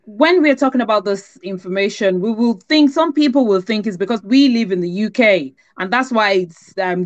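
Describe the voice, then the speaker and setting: A woman's voice: a little high, no echo, highs cut off. A woman with a Nigerian accent hosting a casual discussion show, telling anecdotes and acting out the lines of people she quotes. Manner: storytelling, lively quoting. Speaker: host.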